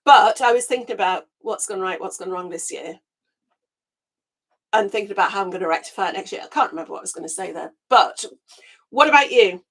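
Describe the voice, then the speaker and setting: A woman hosting a casual live gardening chat through her webcam microphone, chatty and quick to laugh, her voice a little squeaky as it recovers. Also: lively intonation, fairly bright tone. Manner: chatty, laughs often, greets viewers by name. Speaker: gardening channel host.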